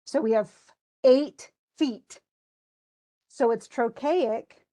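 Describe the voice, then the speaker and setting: A woman's voice: fairly high pitch, very slow, warm tone. A woman English instructor giving a classroom lecture on poetic meter, reading verse aloud with marked stresses and thinking aloud with questions to students. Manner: reads verse aloud with stresses, tapping out rhythm syllables.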